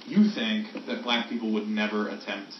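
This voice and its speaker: A man's voice: flat delivery, moderate pace, a little hiss or hum. A man co-hosting a casual podcast, wry and teasing, steering the conversation along. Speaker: podcast co-host. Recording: roomy, distant, dull low-fi sound with faint ambience.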